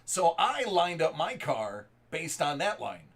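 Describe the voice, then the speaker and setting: A man's voice: fairly high pitch, big pitch swings, slow pace, husky. A man in his thirties, a live stream host, telling a story to his chat in a rambling way with many restarts. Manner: rambling, restarts and repeated words.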